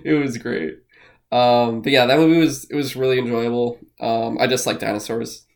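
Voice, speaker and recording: Rambling, excitable podcast guy. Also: mid-range voice, moderate pace, vocal fry. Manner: rambling, excitable, swears often. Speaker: podcast co-host. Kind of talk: casual chat.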